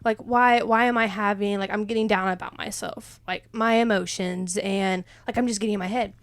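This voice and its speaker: A woman's voice: medium pitch, steady tone, brisk, no room sound. A young woman, rambling and emotional as she opens up in a casual faith chat, laughing often. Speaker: podcast co-host.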